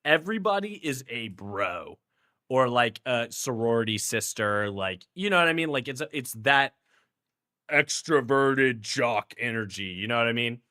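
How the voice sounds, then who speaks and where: A man's voice: mid-range voice, expressive, normal speed, bright, forceful tone. A playful, goofy young man with a Houston accent, chatting casually with his stream viewers in heavy slang and laughing often.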